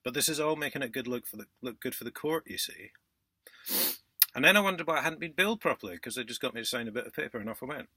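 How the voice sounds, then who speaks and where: A man vlogging in a casual, indignant monologue, sarcastic, with loud outbursts and muttered asides. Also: medium pitch, animated, fast, slightly rough, dry recording. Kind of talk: casual ranting monologue to camera.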